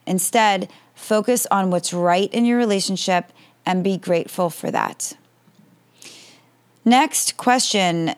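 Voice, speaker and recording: A woman's voice: mid-range voice, slow pace, clear, resonant tone. A woman in her forties hosting an advice podcast, answering listener questions in a direct, reassuring way.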